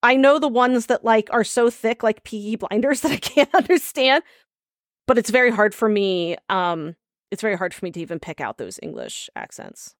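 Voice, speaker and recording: Higher-pitched woman co-host, rambly casual chat, dry sound. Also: very animated, moderate pace, no room sound. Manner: rambling, restarts, laughs easily. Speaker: podcast co-host.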